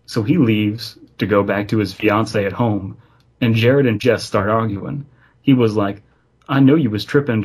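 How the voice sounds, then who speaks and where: Husky low-voiced man, laid-back. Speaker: podcast co-host. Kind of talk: casual chat.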